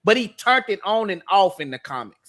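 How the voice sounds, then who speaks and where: High-voiced man, hesitant guest. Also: sing-song, brisk, a bit bright. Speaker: podcast guest. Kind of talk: casual group chat.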